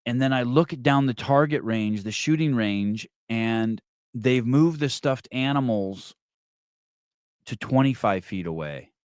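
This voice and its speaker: A middle-aged man hosting a podcast, telling a story in casual, profane, animated talk. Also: medium pitch, unhurried, clear, resonant tone, no room sound, clean studio sound. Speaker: podcast host. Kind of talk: casual storytelling and reading comments.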